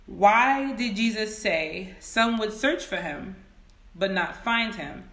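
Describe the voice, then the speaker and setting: A woman teaching Sunday school over a phone livestream. She speaks slowly with a bright, forceful tone and reads each question twice. The room around her sounds echoey. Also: medium pitch, animated. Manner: greets viewers by name, reads questions slowly and repeats them. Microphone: phone camera.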